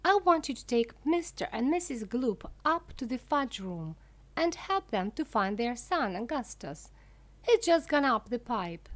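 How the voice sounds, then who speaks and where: A woman playing an excitable, eccentric storybook candy maker who teases and exclaims. The voice is raised and bouncy, with leaps of pitch, delivered at an unhurried pace. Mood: playful. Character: giggling eccentric man, playful candy maker.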